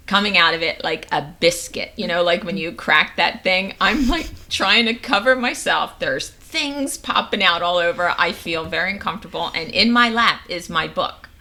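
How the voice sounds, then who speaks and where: A woman in her fifties tells a story as a guest, with a gravelly edge and a low-set voice. Her tone stays bright and sharp. She plays out the voices of the people in her story. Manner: animated storyteller acting out quoted dialogue. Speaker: guest, nurse and menopause coach. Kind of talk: casual storytelling interview.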